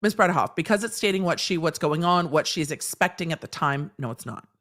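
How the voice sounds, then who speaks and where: A woman lawyer hosts a live commentary show with a slightly low-pitched voice. She reads court transcripts aloud and stops to explain them in a blunt, sarcastic, teacherly way. She uses everyday examples and swears casually. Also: expressive, brisk, a bit bright.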